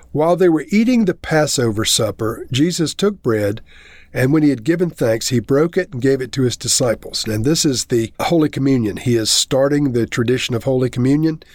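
A man's voice: mid-range voice, a little mellow, no room sound. Man reading and explaining scripture. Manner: reads scripture aloud, then explains it plainly. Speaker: Bible teacher. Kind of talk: Bible reading and commentary.

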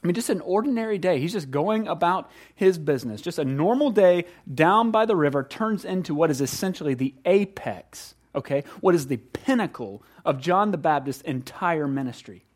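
A pastor preaches a sermon in a church sanctuary, talking in a conversational, animated way and frequently restarting his sentences. His voice is slightly high for a man, and he shifts between quiet prayer and lively storytelling at a normal pace with hardly any pauses.

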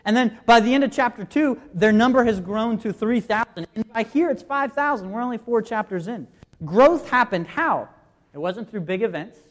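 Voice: medium pitch, lively intonation, moderate pace. Preacher explaining scripture with rhetorical questions. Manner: guides listeners through scripture references. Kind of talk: sermon.

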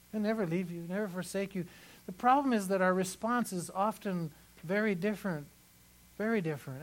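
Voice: medium pitch, low-quality recording. Conversational pastor preaching a sermon. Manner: conversational, repeats phrases for emphasis.

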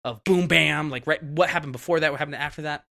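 Guy gushing about a movie, bright punchy voice, kinda high, does little voices. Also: fast talker, gravelly. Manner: animated, acts out scenes with funny voices. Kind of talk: casual chat about movies.

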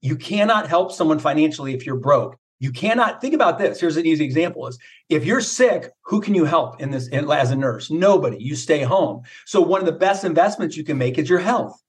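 Man, middle-aged, mindset coach, emphatic, rhetorical questions, slightly high voice. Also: animated, a little fast, few pauses. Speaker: mindset coach, podcast guest. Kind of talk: casual motivational talk.

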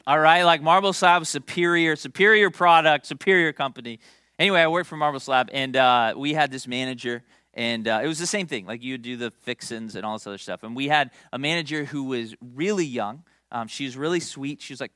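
Animated, conversational young male preacher. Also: fairly high pitch, dry recording, studio quality. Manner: conversational, animated, storytelling with asides. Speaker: pastor. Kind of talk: sermon.

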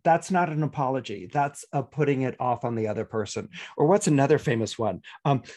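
Chatty husky-voiced male astrologer. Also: medium pitch, fairly quick, a little mellow. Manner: chatty, repetitive, many fillers and restarts. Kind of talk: weekly horoscope talk.

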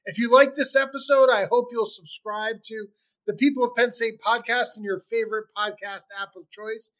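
A man's voice: extremely high pitch, steady tone, normal speed, a bit bright, low-quality recording. A man hosting a podcast, asking interview questions and delivering an enthusiastic sign-off. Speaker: podcast host.

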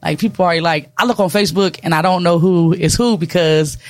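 A woman's voice: on the low side, fast talker, dry recording. A woman guest on a studio podcast, chatting casually, laughing often and acting out what others said. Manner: animated, laughs often, acts out quotes. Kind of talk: casual chat.

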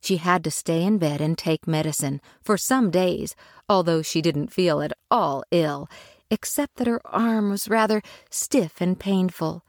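Expressive woman reading a storybook. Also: on the low side, unhurried, dry recording, studio quality. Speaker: narrator.

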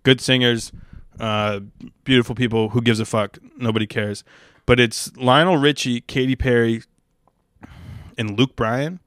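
Smooth-voiced young man, crude rambling monologue. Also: mid-range voice, steady tone, unhurried, pauses often, a bit bright, no echo, clean studio sound. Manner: rambling, crude and profane, wry. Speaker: stand-up comedian.

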